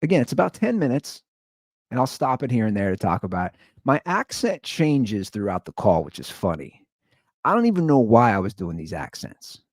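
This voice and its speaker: Lively, rambling male podcast host. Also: medium pitch, moderate pace, no room sound, studio quality. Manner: rambling, animated storytelling. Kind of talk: casual monologue.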